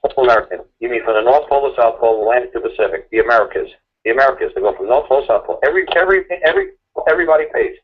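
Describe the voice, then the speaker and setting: A man's voice: mid-range voice, animated, husky. A man ranting and arguing in a repetitive, mocking way as a guest on a call-in talk show. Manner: rapid, repetitive, mocking, argumentative. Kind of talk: impassioned ranting chat. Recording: tinny phone line.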